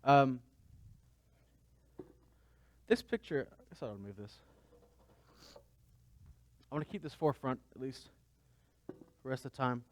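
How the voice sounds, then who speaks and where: A man's voice: mid-range voice, unhurried, long pauses, a little hiss or hum. A man pastor preaching a conversational sermon, asking his listeners rhetorical questions.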